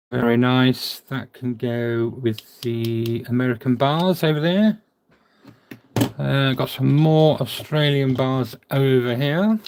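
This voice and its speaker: A man's voice: medium pitch, darkish tone, slight background noise. Chatty man thinking aloud. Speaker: coin collector vlogger. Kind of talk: casual narration while sorting.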